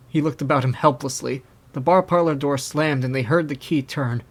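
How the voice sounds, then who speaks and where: A man in his twenties reading a classic novel aloud in steady, measured narration. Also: a little high. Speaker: audiobook narrator. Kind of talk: scripted narration.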